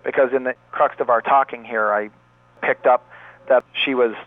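A man's voice: medium pitch, fairly even intonation, moderate pace, no room sound. A man who runs a pain therapy clinic, earnestly telling a long story from his practice as an interview guest. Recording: dry, tinny phone line.

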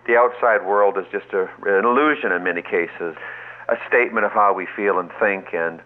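A man's voice: on the low side, normal speed. A man hosting an interview, asking reflective questions and affirming his guest. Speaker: interviewer, host. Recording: tinny phone line.

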